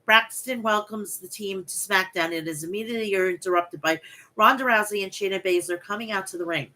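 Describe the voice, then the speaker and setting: A woman hosting a wrestling recap podcast, recapping matches and breaking into profane, animated rants. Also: mid-range voice. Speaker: podcast host.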